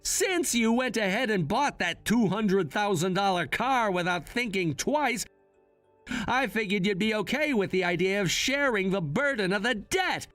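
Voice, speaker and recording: A man voicing a calm, calculating young adult son who speaks in a matter-of-fact, quietly scheming way. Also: high voice, a little slow, no echo, faint music behind.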